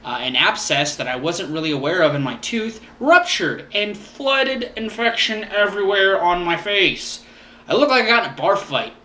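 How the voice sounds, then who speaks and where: A man's voice: high voice, moderate pace, bright, forceful tone, reverberant. A young man from Florida chatting to camera as a YouTuber, earnest and rambling with fillers, his cheek swollen after a tooth was pulled. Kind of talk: casual talk to camera.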